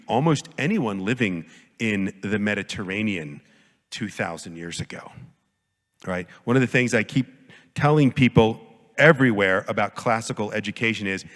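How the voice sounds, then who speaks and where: A man giving a conference lecture as a professor, lively and jokey, often acting out quoted voices. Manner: animated, jokey, acts out quotes with big pitch jumps. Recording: long hall reverb.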